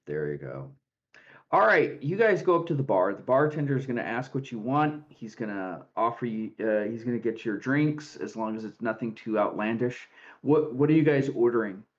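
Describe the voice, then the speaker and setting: A man narrating as game master for a tabletop game, relaxed and halting with many fillers. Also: medium pitch, dull audio.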